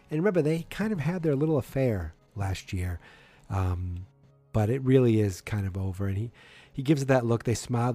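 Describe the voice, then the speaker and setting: A man's voice: fairly low pitch, warm tone. A man casually recapping a TV episode, rambling with many ums and acting out the characters' lines in passing. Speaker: show recap host.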